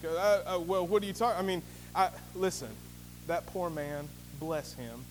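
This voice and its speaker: A man's voice: sits high, moderate pace, big-room sound, noisy background, close to an everyday voice. A man voicing a flustered female suspect who stammers and rambles through her denials.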